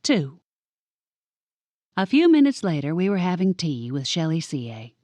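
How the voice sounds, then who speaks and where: A woman narrating a cozy audiobook in the first person, giving each character a lively voice. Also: on the low side, measured pace, dry recording.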